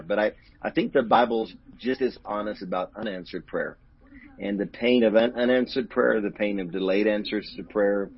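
A man's voice: lowish voice, husky. A middle-aged man, a pastor, telling a personal story in an interview in an earnest, emotional, open way. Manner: earnest and emotional, speaks openly about hurt. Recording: dull lo-fi audio.

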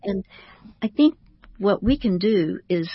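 A woman who is a Christian author, speaking as a guest on a radio talk show in a measured, teaching manner and slowing down to stress each word. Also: mid-range voice, lively intonation, slightly rough, no room sound, dull audio.

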